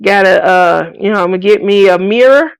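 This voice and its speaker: A woman's voice: mid-range voice, normal speed, clear, resonant tone, no echo. A woman, hosting a craft live stream in casual chat, playful and laughing often as she reads out comments. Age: 40s. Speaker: craft channel host.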